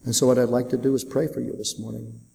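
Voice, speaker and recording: A man's voice: flat delivery, quick pace, gravelly, mellow, big-room sound, slight background noise, poor audio. A male pastor delivering a sermon, telling a dramatic story and acting out the voices of the people in it. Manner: dramatic storytelling, voicing characters with raised pitch. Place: church sanctuary.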